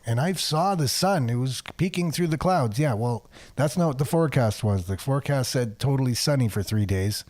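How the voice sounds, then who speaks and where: Man, radio host, casual weather read, sarcastic asides, fillers, mid-pitched voice. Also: expressive, normal speed, few pauses, a little mellow. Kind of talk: casual talk radio, reading a weather forecast.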